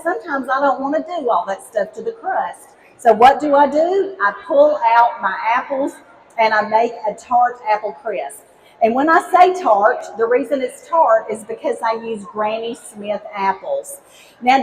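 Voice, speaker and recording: A woman's voice: sits high, slight background noise, rough recording. Cheerful Southern woman demonstrating a recipe on stage. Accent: Southern American, Alabama. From Alabama, United States. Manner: cheerful, folksy, chatty, keeps calling on the crowd. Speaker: cooking demonstrator, former high school teacher. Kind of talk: live cooking demo for an audience. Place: outdoor cooking stage with a live audience.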